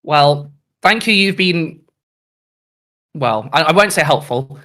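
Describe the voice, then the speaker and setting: A man's voice: a little high, expressive, slow pace, fairly bright tone. An English man playing a tabletop game, talking hesitantly with many ums. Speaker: player. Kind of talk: casual tabletop role-play.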